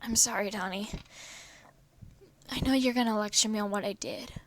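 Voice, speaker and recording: A woman voicing a tender, weak young woman with a hushed, croaky voice, in whispered role-play for a fan story reading. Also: mid-range voice, normal speed, natural voice.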